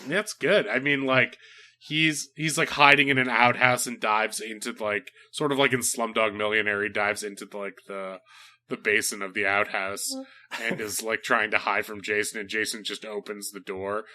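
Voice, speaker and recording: Dude hosting a comedy podcast, super bright voice, rambly and full of likes. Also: male voice, fairly low pitch, level tone, moderate pace. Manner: rambling, lots of filler words. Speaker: podcast host. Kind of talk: casual comedic film review chat.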